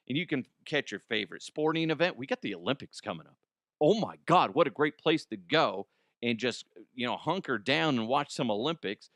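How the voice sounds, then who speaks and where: A man's voice: mid-range voice, fairly bright tone, no echo, clean studio sound. A man hosting a comedy news show, reading ads and riffing in a playful, sarcastic way with jokey asides. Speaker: comedy news podcast host.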